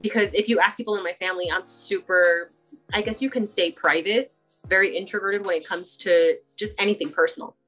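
A woman's voice: lowish voice, steady tone, fairly quick, a bit bright, soft background music. A woman talking casually as an interview guest, chatty and laughing often. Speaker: guest poet.

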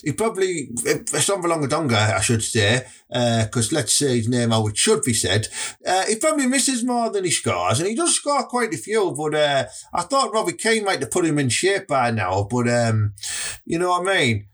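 A man's voice: a little high, sing-song, normal speed, fairly bright tone. A man with a Teesside accent hosting a comic podcast, ranting in a rambling, sweary way with lots of fillers. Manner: rambling, sweary, lots of fillers and "you know what I mean". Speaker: podcast host.

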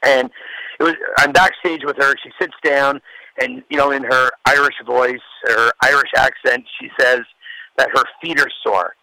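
Bright-voiced male radio DJ. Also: medium pitch, steady tone, gravelly, no room sound, low-quality recording. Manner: heartfelt, reflective, halting. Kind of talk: recorded tribute message.

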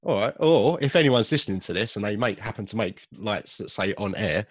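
A man's voice: lowish voice, expressive, fairly quick, no echo. A young man co-hosting a podcast, rambling and joking at his own expense, laughing often. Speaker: podcast co-host. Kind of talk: casual chat.

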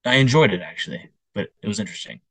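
A man's voice: on the low side, rapid-fire, slightly rough, no echo. A young man co-hosting a casual podcast, telling stories with animation and acting out other people's voices. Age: young adult. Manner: animated storyteller, puts on voices. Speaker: podcast co-host. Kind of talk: casual chat.

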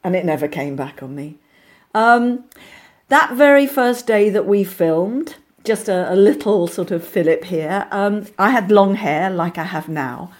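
An actress telling lively anecdotes in a casual interview, with frequent restarts and asides. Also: female voice, mid-range voice, unhurried. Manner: animated storyteller, many restarts, acts out voices. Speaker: actress guest.

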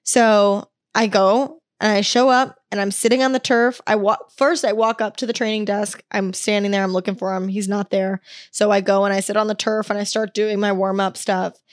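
A woman's voice: mid-range voice, flat delivery, normal speed, few pauses, no echo. Profane, exasperated woman podcaster, dry sound. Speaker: podcast host. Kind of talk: casual solo storytelling.

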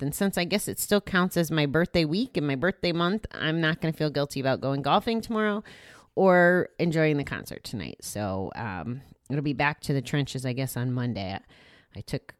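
A woman's voice: extremely low pitch, no echo, clean studio sound. A tired, chatty woman hosting a live podcast, rambling through apologetic asides to her listeners. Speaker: podcast host. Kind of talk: casual live chat to listeners.

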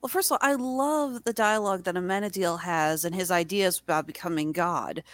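A woman's voice: lowish voice, fairly quick, fairly bright tone, no echo. A woman co-hosting a casual TV review chat, enthusiastic and rambling. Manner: enthusiastic, rambling, acts out quoted lines. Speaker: podcast co-host reviewing a TV series.

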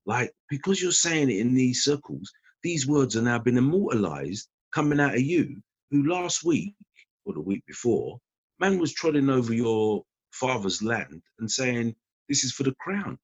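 A man's voice: mid-range voice, moderate pace, breathy edge, no echo. A man rambling through casual chat and acting out quotes as he tells stories. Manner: animated storyteller acting out quotes. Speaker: guest. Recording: dull lo-fi podcast recording.

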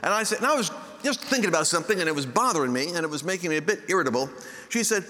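A man's voice: high-pitched, sing-song, racing, bright, forceful tone. A man preaching a sermon to a live audience, telling jokes and acting out the voices in his stories. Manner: joking storyteller who acts out quoted voices. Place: large meeting hall with a live audience. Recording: long hall reverb, faint background noise.

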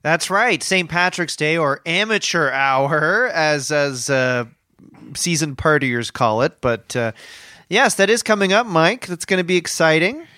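A man's voice: fairly high pitch, lively intonation, measured pace, bright, forceful tone, no room sound, clean studio sound. A man co-hosting a comedy podcast in a laid-back, self-assured and offhand way. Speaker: podcast co-host. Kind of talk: deadpan comedic podcast banter.

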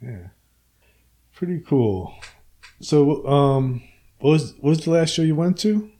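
A man's voice: fairly high pitch, lively intonation, slow, warm tone. An older man chatting casually and laid-back about past concerts, often with short replies. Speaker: punk fan in conversation. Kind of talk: casual chat.

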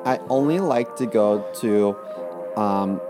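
A man's voice: lowish voice, slow pace, music in the background. A man co-hosting a comedy podcast, tossing off blunt, mock-innocent quips. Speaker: podcast co-host.

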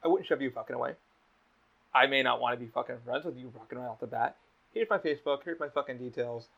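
Dull lo-fi audio captures a young male podcast host with a gravelly, mid-range voice who talks fast. In casual chat he rambles through stories and swears heavily.

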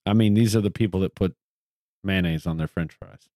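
A man's voice: deep voice, fairly quick, warm tone, no echo, studio quality. Blunt, joking male podcast co-host. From American South. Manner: blunt, joking, profane banter. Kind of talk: casual chat.

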